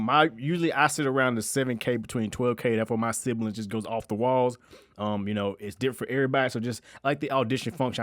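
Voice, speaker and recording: A young man talks through a production tutorial at a quick clip. He speaks in a loose, slangy way and restarts his sentences often. The voice sounds dry and close, with little room around it. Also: medium pitch, no echo. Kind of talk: casual screen-recorded tutorial.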